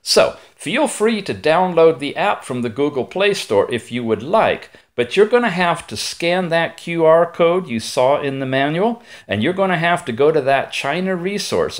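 A man walks through a gadget in a hands-on review, chatty and prone to playful digressions. His voice sits a little high and swings widely in pitch as he exclaims over details. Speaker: tech reviewer.

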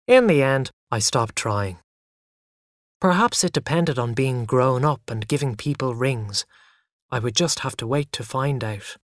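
A man reading a storybook aloud in an expressive, animated way, his pitch moving widely through each line. The sound is close and dry, with no room around it. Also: no echo. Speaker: narrator. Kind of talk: scripted story narration.

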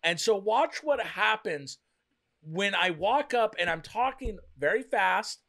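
A talkative man with a high, light voice co-hosts a casual reaction chat. He talks quickly and gets worked up, tumbling from one point to the next. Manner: fast, chatty, excitable. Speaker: co-host.

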